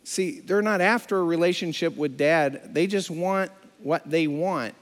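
A man's voice: on the high side, a little slow. A man preaching a sermon who acts out the characters of the story he tells. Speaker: pastor. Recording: long hall reverb.

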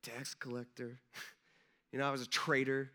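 A man voicing a humble male disciple who was once a tax collector, speaking quietly and apologetically. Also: mid-range voice, little pitch movement, normal speed, voice pushed down, natural voice. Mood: sheepish.

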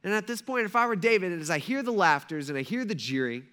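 Male pastor, high voice, chatty storytelling sermon delivery. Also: fast talker, clear, resonant tone. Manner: animated, conversational storytelling with many fillers.

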